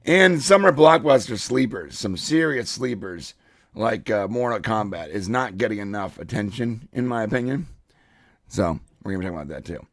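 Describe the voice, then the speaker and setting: A congested man hosts a loose podcast chat in a rough, gravelly voice with a husky edge. He rambles and jokes, filling gaps with ums and clearing his throat. The sound is dry and close. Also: fairly low pitch, lively intonation, moderate pace, no echo. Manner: rambling, joking, frequent fillers and throat clearing. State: congested, hoarse voice. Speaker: co-host.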